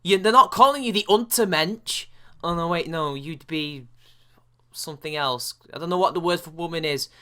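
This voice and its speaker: An Englishman with a British accent hosts a reaction commentary video, mocking and swearing out of exasperation in a sarcastic tone. His voice is a little high and sharp, at a moderate pace.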